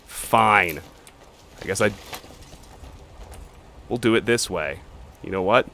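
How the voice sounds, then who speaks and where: A man's voice: fairly low pitch, slow, gravelly, pauses often, sharp tone. A man hosting a let's play, chatting casually as he plays, thinking aloud and swearing offhandedly. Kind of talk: casual gaming commentary.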